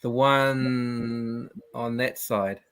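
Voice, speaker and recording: A man's voice: medium pitch, steady tone, very slow, fairly bright tone, clear, resonant tone, dry recording. A man co-hosting a casual podcast chat, teasing his friends in playful banter. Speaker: podcast co-host.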